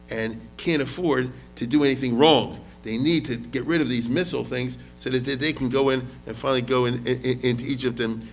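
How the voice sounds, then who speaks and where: A man teaching history in a loose, conversational way, with a voice of middle pitch. He keeps checking in with his listeners and drops Hebrew words into his talk. Faint music plays softly behind him. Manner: conversational, asks the audience questions often. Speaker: rabbi and history lecturer. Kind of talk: lecture.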